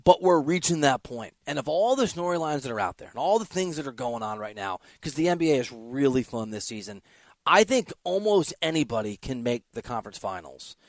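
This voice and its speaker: A man's voice: medium pitch, sing-song, brisk, no echo. A man hosting a sports talk show, giving an emphatic, opinionated monologue with offhand asides.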